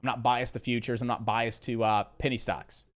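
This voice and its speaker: A man's voice: medium pitch, flat delivery, moderate pace. A man hosting a live day-trading stream. He answers viewer questions in a loose, rambling way, with lots of fillers, and repeats his key points in lists.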